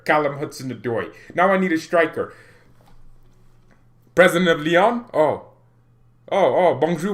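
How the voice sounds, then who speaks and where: Young male fan-channel host, casual and jokey, mid-range voice, acts out pretend calls. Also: mid-range voice. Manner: animated, jokey, acts out mock phone calls. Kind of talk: casual football commentary.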